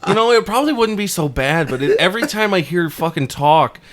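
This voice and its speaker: A man rants in casual podcast chat with blunt, profane talk. His slightly high voice rises and falls a lot. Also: lively intonation, brisk, a bit bright. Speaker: podcast host.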